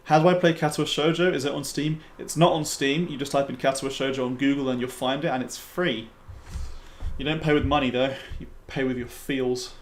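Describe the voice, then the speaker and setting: With faint game music playing behind him and slight background noise, a man gives rambling, offhand live-stream commentary on the game mod he helped develop, swearing now and then. His medium-pitched voice has fairly even intonation and runs a little fast.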